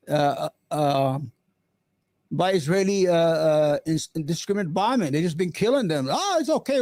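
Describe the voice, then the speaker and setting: Male host, sarcastic, impassioned, higher voice, dry sound, halting fillers. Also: darkish tone, no room sound. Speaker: livestream host. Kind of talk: opinionated live commentary.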